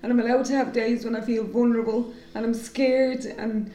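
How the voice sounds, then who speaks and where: A woman's voice: fairly high pitch, level tone, moderate pace, dark tone, slight background noise. A woman, talking frankly and emotionally as a podcast co-host, swearing freely. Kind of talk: candid casual chat. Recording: roomy echoey room.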